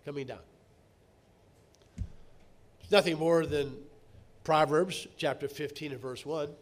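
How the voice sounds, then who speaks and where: A middle-aged man preaching from the pulpit in a slightly higher voice than most men. He tells stories in an easy, conversational way, then breaks into loud emphatic bursts. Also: fairly even intonation, slow. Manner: storytelling preacher, swinging from quiet asides to loud emphatic bursts. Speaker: pastor. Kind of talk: sermon.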